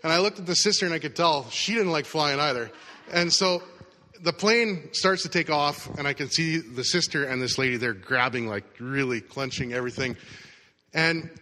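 A man's voice: a little high, normal speed, pushed and bright, slight background noise. A middle-aged man preaching a sermon, telling a personal story in a casual, conversational way. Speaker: pastor. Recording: long hall reverb.

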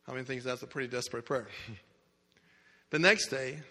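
Bright-voiced preacher man in echoey hall. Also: medium pitch, a little fast. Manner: emphatic, dramatic storyteller with restarts. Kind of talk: sermon storytelling.

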